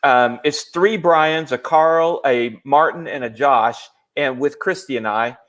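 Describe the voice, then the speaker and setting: A man's voice: medium pitch, a little slow, fairly bright tone. A man on a video call, chatting casually, teasing the host and rambling with fillers. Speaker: guest YouTuber. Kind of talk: casual chat.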